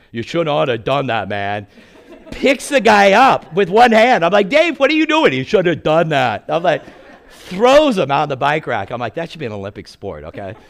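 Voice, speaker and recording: Man, sixties, preacher, animated storytelling sermon, acts out quotes, mid pitch. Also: gravelly. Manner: animated, acts out quotes, laughs at own stories.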